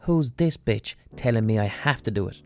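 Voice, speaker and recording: A man's voice: medium pitch, expressive, normal speed, mellow, lightly acted. A man voicing a defensive young boyfriend in an aggressive, sweary way.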